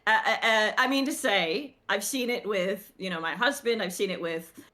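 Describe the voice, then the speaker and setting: A woman's voice: medium pitch, moderate pace, bright, forceful tone. A middle-aged Australian woman with a slight American twang, chatting casually on a podcast, rambling with many restarts and repeated words. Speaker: podcast co-host. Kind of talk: casual chat.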